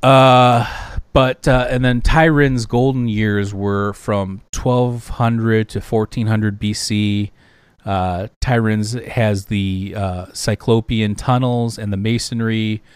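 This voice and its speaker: A man co-hosting a podcast, talking through slides in a loose, rambling way with lots of fillers and pauses. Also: fairly low pitch, steady tone, clean tone, no echo. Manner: rambling, hesitant, many fillers. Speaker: podcast co-host. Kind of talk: casual podcast discussion.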